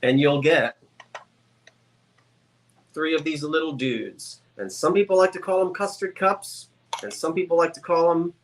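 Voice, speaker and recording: A man's voice: a little high, steady tone, a little slow, pauses often, a little hiss or hum. A man selling items on a live sale stream, with chatty, joking sales patter. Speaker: guest seller on a live sale.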